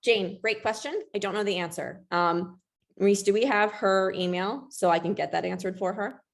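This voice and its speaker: A woman's voice: medium pitch, normal speed, gravelly. A woman presenting a webinar in a casual, chatty way, often saying "like" and keeping an upbeat tone.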